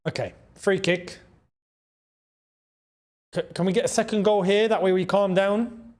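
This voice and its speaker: During his live football watchalong, a young man reacts to the match, shouting at big chances and groaning at misses while chattily reading out and thanking chat members. He has a high voice with a steady tone and an unhurried pace.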